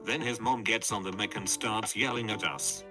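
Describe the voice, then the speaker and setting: A synthetic male voice reads forum stories aloud, pitched a little low. The delivery stays flat and even throughout, with music playing clearly beneath him. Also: normal speed. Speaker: narrator reading forum posts. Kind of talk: text-to-speech story reading. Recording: background music under voice.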